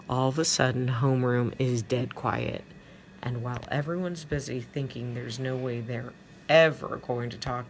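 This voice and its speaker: A woman's voice: very deep voice, gravelly, slight background noise. A woman reading a children's novel aloud chapter by chapter, as a teacher for her students. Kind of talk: storybook read-aloud.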